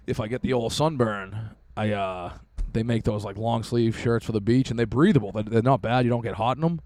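A man's voice: lowish voice, brisk, darkish tone, dry recording. A young man hosting a casual podcast, joking crudely in a laid-back way. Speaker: podcast host.

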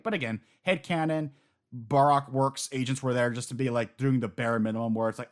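Male co-host, talky and excitable, mid-pitched voice, casual podcast banter. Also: fast. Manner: rambling, animated, swears casually. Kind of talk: casual chat about manga chapters.

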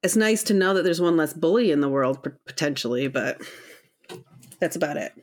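A woman's voice: sits low, lively intonation, a little fast. A woman co-hosting a casual advice podcast, giving firm, supportive advice and reading listener letters. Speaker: podcast co-host.

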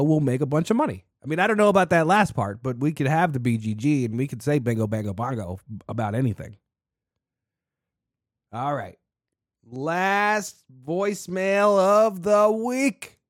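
A man's voice: fairly high pitch, normal speed, no echo, clean studio sound. A man hosting a podcast, chatting casually with laughs, swearing and dramatic complaints. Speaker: podcast host. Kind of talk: casual chat.

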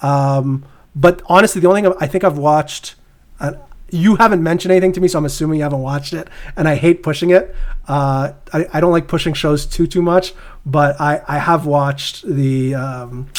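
Brief: young Canadian guy, slightly high voice, loose rambling podcast banter. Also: normal speed. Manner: rambling, restarts and laughs often. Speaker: podcast co-host. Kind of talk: casual chat.

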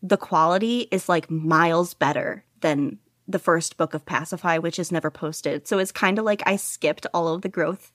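A woman's voice: on the low side, moderate pace, hardly any pauses, a bit bright, no echo, studio quality. A young woman being interviewed about her hobby, chatting casually in a rambling, enthusiastic way with lots of fillers. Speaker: guest podficcer.

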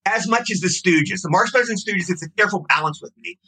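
A man's voice: sits high, fast talker, bright, forceful tone, slightly rough, poor audio. A man in his sixties, a guest actor, telling stories in a casual interview with gushing enthusiasm.

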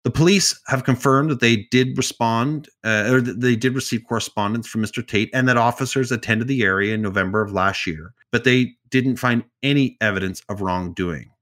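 A man in an easygoing podcast chat, retelling a strange tale at a middle pitch. His delivery is loose and conversational, with side remarks and jokes woven between the facts. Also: brisk, hardly any pauses, a bit bright. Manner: summarizes stories loosely with asides and jokes. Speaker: podcast co-host telling stories. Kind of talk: casual storytelling chat.

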